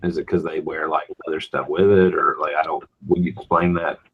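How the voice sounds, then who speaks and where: A man's voice: very deep voice, steady tone, fairly quick, creaky, narrow, tinny audio, a little hiss or hum. A man hosting a casual morning chat show, asking rambling questions full of restarts.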